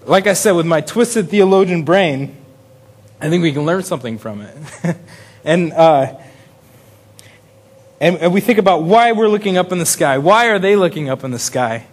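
Pastor guy with a high voice, chatty sermon, keeps chuckling and restarting. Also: lively intonation, moderate pace, long pauses. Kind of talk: casual sermon.

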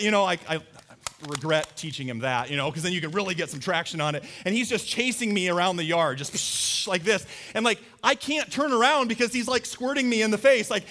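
Man in his 30s, pastor type, bright forward voice, animated storyteller, sits a touch high for a man. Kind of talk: sermon. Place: church sanctuary with live congregation.

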